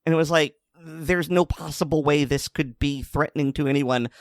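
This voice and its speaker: A man's voice: fairly high pitch, steady tone, normal speed, creaky, no room sound. Casual sardonic guy cohosting a podcast, dry close mic, no room sound. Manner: sardonic storytelling. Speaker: podcast co-host. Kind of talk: casual chat.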